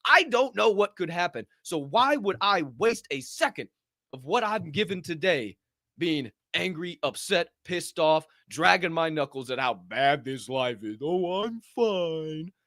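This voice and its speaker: A man's voice: on the high side, expressive, measured pace, sharp tone, no echo, clean studio sound. A man co-hosting a podcast, giving a fired-up, profane motivational rant. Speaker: podcast co-host.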